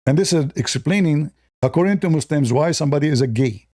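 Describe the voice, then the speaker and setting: A man's voice: fairly high pitch, expressive, fast, mellow, dry recording, clean studio sound. A man giving a casual, mocking monologue on religion in broken English, sarcastic throughout. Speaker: religion commentator.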